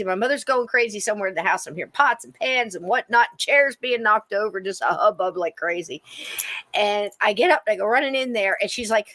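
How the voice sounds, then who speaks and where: Middle-aged woman telling a story on a podcast, animated, jumps way up high when quoting people, dry close sound. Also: fairly quick, no echo. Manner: animated storyteller, acts out quotes in a high excited voice. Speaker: podcast co-host. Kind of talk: storytelling in casual chat.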